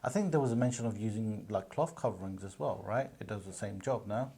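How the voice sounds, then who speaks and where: A man's voice: fairly low pitch, fairly quick, creaky, mellow, husky. Co-host, casual chat, questioning and tentative, restarts his sentences a lot. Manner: thoughtful, questioning, hesitant with restarts. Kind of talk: casual discussion.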